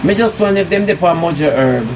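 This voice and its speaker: A high-pitched man with a Jamaican accent rants mockingly on a live stream, heaping sarcastic scolding on his targets. He sits back from the mic, and loud background noise runs under his voice. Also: lively intonation, brisk, distant mic. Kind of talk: ranting live-stream monologue.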